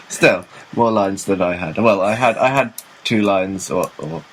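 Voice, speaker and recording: A man's voice: low voice, unhurried, a bit bright. A young man co-hosting a casual podcast, laughing often and teasing his friend. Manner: laughs a lot, teasing banter. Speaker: podcast co-host. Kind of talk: casual chat.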